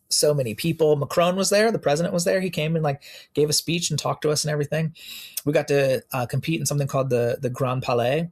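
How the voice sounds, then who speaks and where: A young American man telling stories as a podcast guest, with a gravelly, husky voice. He talks casually and animates his stories by acting out the people he quotes. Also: mid-range voice. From United States. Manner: animated storyteller who acts out quoted exchanges. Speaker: podcast guest, police officer. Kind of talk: casual storytelling in an interview.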